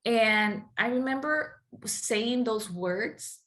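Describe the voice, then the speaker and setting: A woman's voice: fairly high pitch, slow pace, a bit bright. A middle-aged woman from Nicaragua, a guest entrepreneur, telling her personal story in an interview, laughing often and acting out dialogue.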